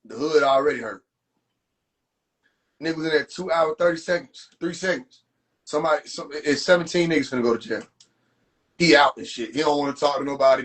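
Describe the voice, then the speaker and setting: A man ranting and mocking in a profane, animated rant to a live audience, streamed from a phone. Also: fairly high pitch. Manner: animated, profane, rants and mocks. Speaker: livestream host. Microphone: phone livestream.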